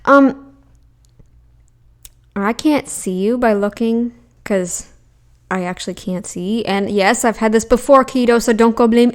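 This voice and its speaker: Blunt and ready to argue, this commentary channel host reacts to others and mocks them, putting on derisive voices when she quotes them. She speaks a little slowly in a voice on the high side.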